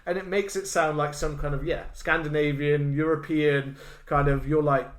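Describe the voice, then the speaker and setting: A man in casual podcast chat, his voice a little higher than most. He rambles with fillers and restarts and swears freely. The recording has a roomy echo. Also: flat delivery, normal speed. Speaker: podcast co-host.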